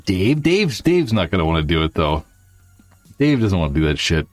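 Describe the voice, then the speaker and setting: Man, lowish voice, very lively pitch, rambling casual livestream host, swears, faint music behind. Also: normal speed, dry recording. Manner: rambling, swears, many filler likes. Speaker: YouTube channel host.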